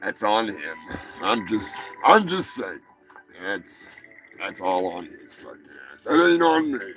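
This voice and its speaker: A gravelly-voiced man hosts a crude comedy show, talking slowly and rambling between profanities. He breaks into yelling outbursts now and then. Faint music plays behind him. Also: a little high, sing-song, low-quality recording.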